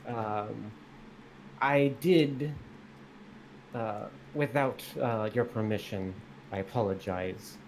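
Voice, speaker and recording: A man playing in a tabletop game, speaking hesitantly with many pauses and fillers. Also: fairly low pitch, gravelly, a little mellow, slight background noise, poor audio. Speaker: player. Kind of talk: tabletop role-play.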